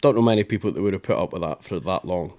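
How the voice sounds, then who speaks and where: A man's voice: deep voice, fast, darkish tone. Man hosting a podcast interview. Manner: encouraging, frequent short affirmations. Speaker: podcast host. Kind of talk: casual interview.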